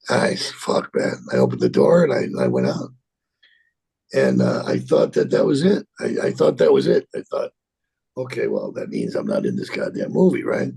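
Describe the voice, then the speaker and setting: An actor in his sixties telling a rambling, profane story in an interview, halting and repeating himself. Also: a little high, warm tone. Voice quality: gravelly, husky.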